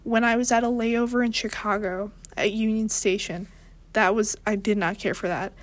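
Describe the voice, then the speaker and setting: A young woman hosting a show, talking in a rambling, casual monologue with strong vocal fry and deadpan, self-mocking humor. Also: medium pitch, normal speed. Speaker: podcast host.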